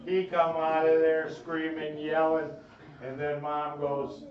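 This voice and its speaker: A man's voice: a little high, flat delivery, unhurried, a little mellow. A man giving a funeral eulogy for his brother, telling folksy, rambling family stories. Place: funeral home chapel. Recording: echoey room, distant mic, dull sound.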